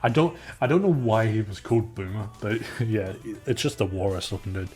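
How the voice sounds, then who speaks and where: A man's voice: fairly low pitch, a little fast, a little mellow, faint music behind. A man hosting a casual comic read-along, joking and laid-back. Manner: laid-back, joking, says dude a lot. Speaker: video host.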